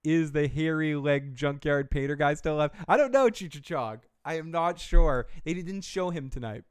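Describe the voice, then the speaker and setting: A man's voice: a little high, normal speed, clean tone, dry recording, studio quality. A man hosting a casual TV episode review, joking and profane, with frequent asides. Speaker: show host.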